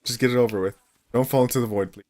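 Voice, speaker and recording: A man's voice: medium pitch, steady tone, very fast, darkish tone. Tired, rambling man streaming. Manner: rambling, self-deprecating, trails off mid-sentence. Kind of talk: casual gameplay streaming commentary.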